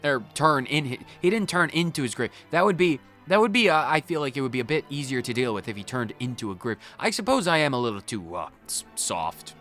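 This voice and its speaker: A man's voice: mid-range voice, lively intonation, fast, few pauses, fairly bright tone, soft background music. A man, a gaming channel host, reading game dialogue aloud in a playful, theatrical way with stumbles and asides.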